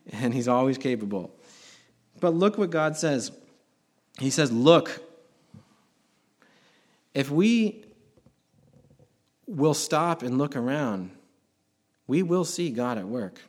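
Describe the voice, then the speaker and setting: Male pastor, mid-pitched voice, conversational sermon with sudden emphatic swells.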